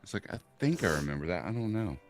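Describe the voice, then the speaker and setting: A man with a very deep voice that still swings widely in pitch chats as a stream guest. He groans and sighs in mock exasperation and pokes fun at himself. Faint music sits behind him. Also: big pitch swings, fast talker. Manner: exasperated, groaning, self-mocking. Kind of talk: casual chat.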